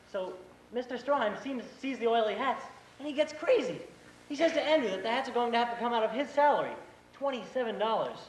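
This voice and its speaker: A young man acting an earnest, hot-headed eighteen-year-old brother in a school stage play, telling a story animatedly. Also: very high-pitched. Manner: animated storytelling, mimics his boss. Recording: echoey auditorium, faint hiss.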